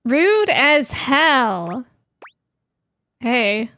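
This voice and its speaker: A woman's voice: sits high, very animated, extremely slow, bright, forceful tone. A young woman streaming a game, giggling and reacting aloud in casual chat. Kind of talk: casual live-stream commentary.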